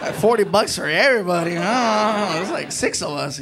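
A man telling a story in a stand-up routine, animated and conversational. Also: sits high, moderate pace, a crowd in the background. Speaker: stand-up comedian.

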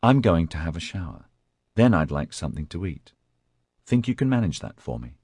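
A guarded, tired young woman, voiced by a male narrator in a low, dry, lightly lifted tone. She speaks calmly, with a faint sarcastic edge. It is a character voice in an audiobook, recorded close and dry. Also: fairly quick, husky, dry recording, full character voice. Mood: patient.

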